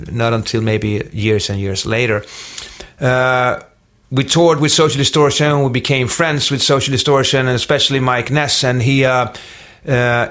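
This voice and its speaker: A man's voice: mid-range voice, fairly bright tone. A middle-aged man with a Swedish accent, a rock musician guest telling stories in a casual interview, rambling along with many fillers and restarts. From Sweden.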